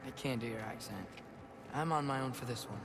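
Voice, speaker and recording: An actor playing an earnest, gentle teenage boy in a game cutscene, soft-spoken and reassuring. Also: mid-range voice, brisk, very noisy, close to an everyday voice. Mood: joking.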